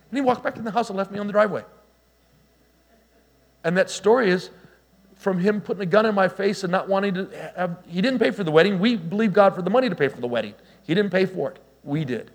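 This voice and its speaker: Middle-aged guy pastor preaching, animated storytelling, chatty asides to the church. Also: high voice, fast. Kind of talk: sermon.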